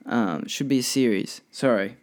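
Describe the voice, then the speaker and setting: A man's voice: medium pitch, moderate pace. A young man hosting a casual solo podcast, rambling and swearing freely with many restarts. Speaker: podcast host.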